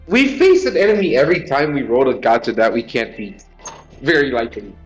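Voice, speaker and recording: A man's voice: mid-range voice, expressive, brisk, faint music behind, poor audio. A man co-hosting a game stream, making dry, offhand remarks. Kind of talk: casual chat while playing.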